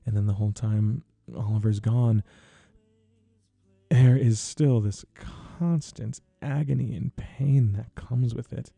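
A man giving a casual, earnest spoken film review, sharing personal feelings with soft laughs. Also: lowish voice, creaky, no room sound.

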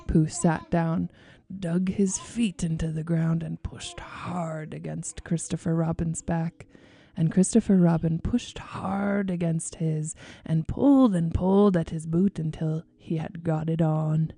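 A woman radio presenter reading a children's story aloud in a calm, measured way. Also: sits low, creaky, breathy edge, no echo.

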